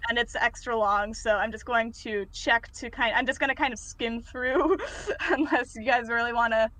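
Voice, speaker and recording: A woman hosting a casual online watch party, chatty and quick to laugh. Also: fairly high pitch, fairly bright tone. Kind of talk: casual group chat.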